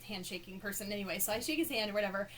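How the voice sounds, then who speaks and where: A woman's voice: mid-range voice, rapid-fire, fairly bright tone. A woman host from Florida telling a story in casual chat, giggling often and talking in chatty, restarting bursts. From Florida, United States. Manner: giggly, laughs often between phrases; chatty, many fillers and restarts. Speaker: podcast co-host.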